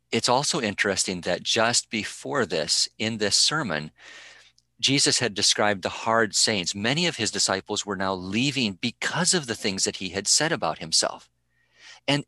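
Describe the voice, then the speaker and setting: A man hosting a Bible podcast, speaking in an earnest, measured, devotional way. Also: on the low side, sharp tone, no echo. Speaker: podcast host. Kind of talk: scripted podcast intro and discussion.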